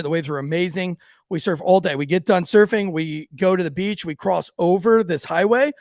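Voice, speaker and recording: A man with a high, gravelly voice tells a rambling, profane story. His speech is full of "like" and loose asides. The sound is dry and close. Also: dry recording. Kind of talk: casual storytelling.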